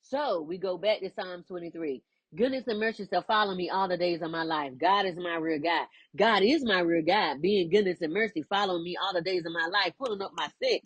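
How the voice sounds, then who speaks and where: A woman giving a lively, inspirational faith talk, playful and quick to laugh, with folksy asides. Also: fairly low pitch, breathy edge, dry recording. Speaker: spiritual teacher.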